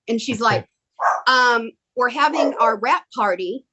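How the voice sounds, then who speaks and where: A middle-aged woman with a slightly high voice tells her stories in a relaxed interview. She is animated and excitable, slipping into the voices of the people she quotes. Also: slow, pauses often, breathy edge. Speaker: guest actress. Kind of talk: casual storytelling.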